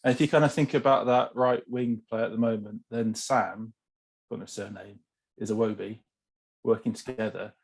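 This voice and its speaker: A man in casual podcast chat, calmly building a playful argument as a panelist. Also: lowish voice, normal speed, husky.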